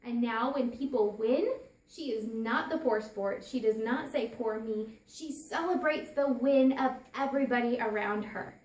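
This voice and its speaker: A woman's voice: a little high, measured pace, darkish tone, reverberant. A woman giving a personal storytelling talk as a parent, earnest, often restarting and repeating her phrases.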